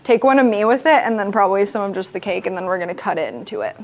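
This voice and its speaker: A woman's voice: mid-range voice, rapid-fire, a little mellow, slight background noise. A young woman hosting a casual livestream from a home kitchen, giggling often and reading viewer comments aloud. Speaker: livestream host.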